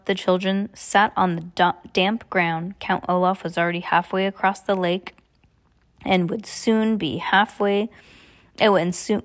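A woman reading a novel aloud casually, stumbling over words and correcting herself. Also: lowish voice. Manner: casual, stumbles and self-corrects, comments aside. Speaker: reader.

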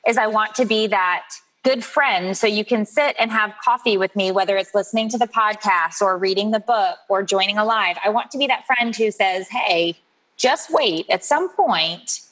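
A woman's voice: medium pitch, brisk, a bit bright, low-quality recording. A woman in her forties chats as an interview guest, spinning stories and slipping into playful voices for the people she quotes. Her voice sits in the middle range. She talks in a loose, conversational way. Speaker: guest author. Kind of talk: casual interview chat.

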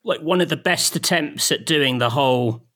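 A man's voice: fairly high pitch, normal speed, fairly bright tone, breathy edge. A man co-hosting a podcast, chatting casually about a game and stumbling over his first words. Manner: stumbling, repeats words before getting going. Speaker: podcast co-host.

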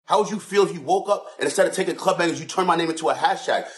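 A man's voice: fairly high pitch, racing. A young man from the United States with a New York accent, a fitness instructor speaking in a raw, impassioned, profane and pleading way in an emotional social media video.

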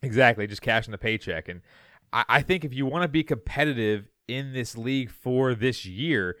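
A man's voice: mid-range voice, normal speed, pushed and bright, dry recording, studio quality. A man co-hosting a sports podcast, opinionated and jokey, arguing his point in loose chat over a remote call. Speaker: podcast co-host. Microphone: remote call mic.

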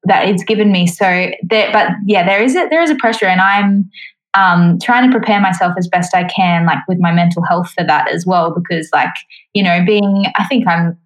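A woman's voice: on the low side, moderate pace, poor audio. A young adult woman, a musical theatre performer, talking casually as a guest in an interview, chatty with lots of fillers.

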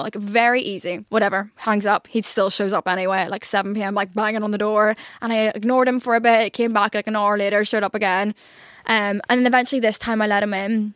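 A woman's voice: mid-range voice, steady tone, fast, a bit bright, no room sound, studio quality. A young woman hosting a podcast, telling a personal story in candid casual chat, swearing freely and acting out what people said. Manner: chatty, swears freely, acts out quoted dialogue. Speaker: podcast host.

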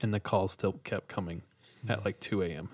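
A man's voice: deep voice, fairly even intonation, normal speed, no echo. A man hosting a podcast, casually retelling a creepy story with quoted voices and easy jokes. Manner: laid-back, jokey, tells stories with quoted voices. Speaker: podcast host.

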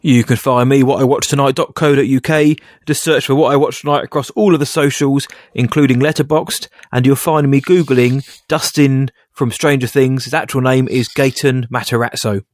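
Relaxed male podcast co-host. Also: medium pitch, moderate pace, hardly any pauses, dry recording, clean studio sound. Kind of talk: casual film podcast chat.

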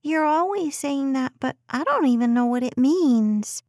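A high, whiny little girl, bored and stubborn, pleading and sulking in a storybook reading. The voice is thin and unlike the reader's usual tone, with a pitch far above it. The recording is dry and close. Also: animated, unhurried, darkish tone, no echo. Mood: teasing.

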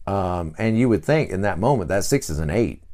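A man with a low voice hosts a podcast, teaching in a relaxed, chatty way. His pitch swings widely as he talks, and he slips into quick impressions of the people in his examples. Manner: animated, acts out quick voices of people he describes. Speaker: podcast host. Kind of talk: casual teaching monologue.

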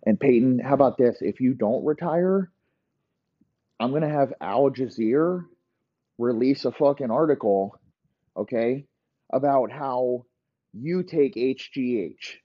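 A man voicing a foul-mouthed, scheming aging football executive in a gruff, low, menacing voice, swearing constantly. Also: expressive, unhurried, pauses often, no room sound, dull audio. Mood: threatening.

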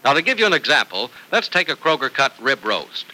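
A man's voice: medium pitch, big pitch swings, fairly quick, sharp tone, rough recording. A man announcing an old-time radio ad and narrating, with an upbeat, salesman-like delivery.

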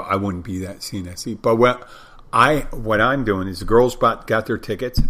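A man's voice: on the low side, a bit bright. A middle-aged man hosting a podcast alone, chatting in a rambling way and often correcting himself. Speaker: podcast host, bartender. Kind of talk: casual solo podcast talk. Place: home in the Florida Keys.

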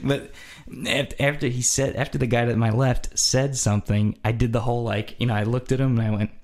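A man's voice: medium pitch, brisk. A man telling a funny story in a casual podcast chat, acting out scenes and repeating lines for effect, close to a studio mic. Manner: animated, acts out scenes, repeats phrases for effect. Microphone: studio microphone.

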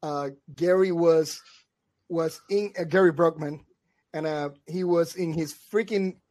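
At a measured pace and on the high side, a podcast co-host recounts a wild story during a casual chat. He acts out the other voices as he goes and laughs frequently.

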